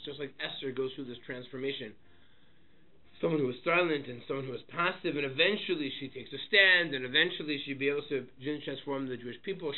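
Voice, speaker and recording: A man, a rabbi teaching a Torah class, who asks rhetorical questions and swings between loud emphasis and quiet asides, saying Hebrew terms with Ashkenazi pronunciation. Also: fairly high pitch. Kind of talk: Torah lesson to students. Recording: tinny phone-like lo-fi audio.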